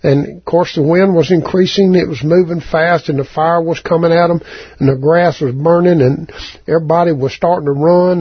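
A man preaching a sermon as a folksy, halting story, with a raspy voice and many restarts. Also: fairly high pitch, dry recording, highs cut off. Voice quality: raspy, gravelly.

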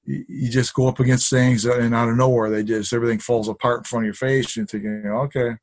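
A man's voice: medium pitch, level tone, fast talker, a little mellow, dry recording. A man who maintains machines at work, casually telling a rambling, self-deprecating story about his day and often repeating himself.

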